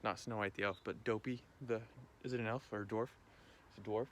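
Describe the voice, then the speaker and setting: A man's voice: on the low side, fairly even intonation, a little fast, fairly bright tone, a little hiss or hum. A young man, a farmer, talking casually to the camera in a vlog with chatty, joking asides. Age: young adult.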